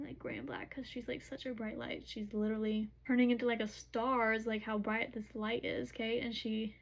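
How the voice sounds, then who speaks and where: A woman's voice: mid-range voice, low-quality recording. A young woman chatting casually through a book recap, with frequent filler words.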